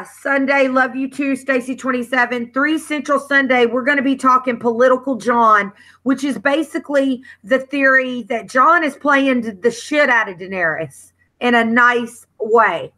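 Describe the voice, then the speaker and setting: A woman co-hosting a casual livestream, talking in a chatty way as she plugs other channels. Her voice sits fairly high and sounds bright and forward. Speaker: co-host.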